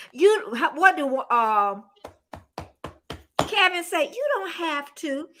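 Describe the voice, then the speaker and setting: High, lively, bright-voiced older woman host. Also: extremely slow, slight background noise. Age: 60s. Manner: effusive and emotional, exclaiming and laughing often. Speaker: host of a livestream celebration. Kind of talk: casual chat.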